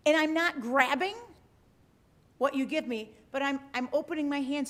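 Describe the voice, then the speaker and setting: A woman's voice: high voice, moderate pace, a bit bright. A woman pastor giving a conversational sermon to an online congregation, often checking in with her listeners. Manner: conversational, asks the listeners with frequent tag questions. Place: church livestream.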